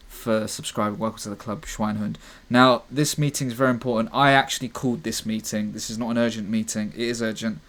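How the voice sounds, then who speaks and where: A man's voice: on the low side, steady tone, quick pace, few pauses, fairly bright tone. A man improvising comedy on a livestream, thanking subscribers and bantering in a playful, mock-defensive way. He rambles, trips over his words and restarts lines mid-sentence. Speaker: streamer and comedian.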